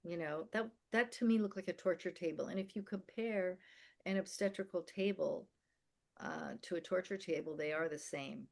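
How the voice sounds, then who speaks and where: A woman in her sixties, from America and the Philippines, tells a personal story as a podcast guest in a low, gravelly, darkish voice at a moderate pace. She's vivid and emphatic, acting out quoted dialogue.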